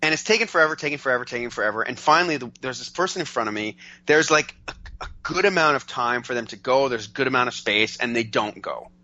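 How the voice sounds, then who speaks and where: Male podcast co-host from Canada: expressive storyteller, bright tone, dry close mic. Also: medium pitch, fast, dry recording, dull audio. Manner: animated storyteller, acts out shouted quotes. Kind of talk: casual podcast chat.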